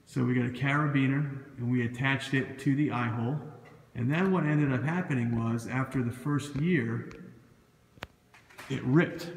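A man with a Boston accent, a throws coach giving a casual, loose how-to walkthrough and correcting himself as he points things out on camera. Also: mid-range voice. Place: indoor gym throwing area. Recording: echoey gym with long reverb.

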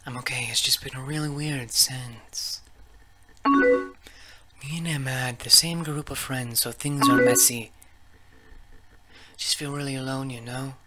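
A man's voice: medium pitch, very animated, a little slow, long pauses. A man reading a lonely heartbroken young woman. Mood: sad. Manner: quiet, subdued reading of chat messages. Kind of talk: reading game dialogue aloud. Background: loud music.

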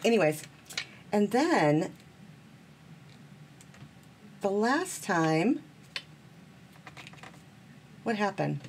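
A woman's voice: lowish voice, slight background noise. A woman chatting bubbly and self-deprecating while she demonstrates card making at her craft table, talking to viewers as friends.

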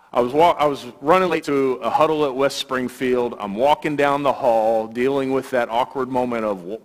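A man giving a guest sermon in church, telling stories in a conversational way with filler words. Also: medium pitch. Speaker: guest speaker, youth ministry worker. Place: church sanctuary. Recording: long church hall reverb.

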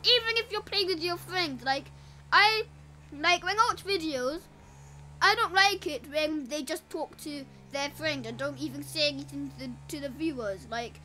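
Woman gaming YouTuber, chatty and energetic, with a very high, bright voice. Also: slight background noise. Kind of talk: casual vlog to camera.

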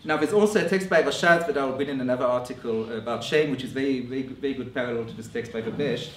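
A man giving a scholarly conference lecture in a measured way, often restarting his phrases. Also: mid-range voice, a bit bright, a little hiss or hum. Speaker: academic lecturer. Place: lecture room. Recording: roomy echo from a distant mic.

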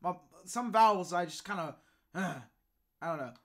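Loud swearing young male streamer. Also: high-pitched, animated, normal speed, a little hiss or hum. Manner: swears a lot, laughs, loud outbursts. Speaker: streamer reacting to videos. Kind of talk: casual reaction commentary.

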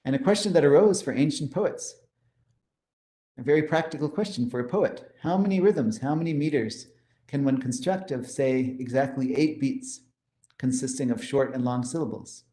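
A man lecturing on mathematics at a conference, with a mellow, relaxed tone. He explains each step with enthusiasm and often checks in with a quick "right?". His voice rings in an echoey hall. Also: mid-range voice.

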